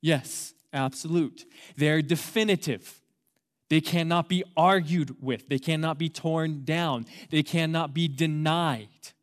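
A male youth pastor in his thirties delivers a sermon in a slightly higher-pitched voice. He talks in a relaxed, storytelling way and then leans hard on key words, repeating them for emphasis. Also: slow. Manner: conversational storytelling opener.

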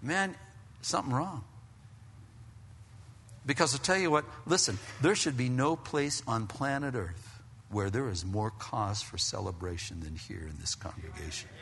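Male pastor, bright high voice, animated delivery swinging between shouts and hushes, recorded in a reverberant church hall. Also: unhurried, gravelly, a little hiss or hum. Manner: animated preaching, acts out scenes, drops to hushed tones. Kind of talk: sermon.

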